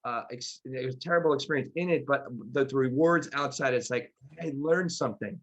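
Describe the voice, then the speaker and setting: A man's voice: medium pitch, a little fast. Man, podcast co-host, casual chat, rambling, self-correcting, laughs at himself. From Philadelphia. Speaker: podcast co-host and class teacher. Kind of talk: casual chat, then guided grounding practice.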